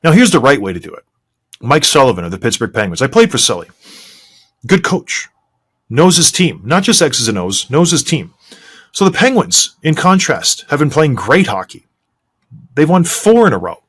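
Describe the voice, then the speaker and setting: A man's voice: mid-range voice, very animated, moderate pace, a bit bright, slightly rough. A man hosting a sports podcast, a former player giving emphatic opinions. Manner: emphatic, mocking impressions of coaches.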